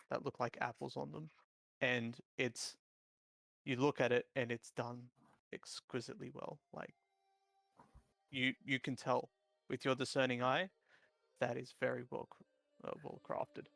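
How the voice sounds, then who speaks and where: A man's voice: medium pitch, creaky, a bit bright, no echo. A man narrating a tabletop game as dungeon master, rambling with many fillers.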